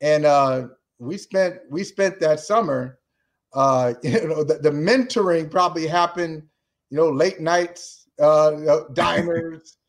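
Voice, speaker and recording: A man, a guest, telling an old story in casual chat, laughing and excitable. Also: a little high, unhurried. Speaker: guest, co-host of another show.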